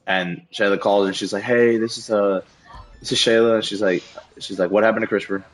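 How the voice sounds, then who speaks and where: A young man streaming a game, telling a story in a casual, animated rant full of slang and cursing. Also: lowish voice, brisk, slight background noise, rough recording. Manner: animated, profane, slangy ranting. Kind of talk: casual storytelling while gaming.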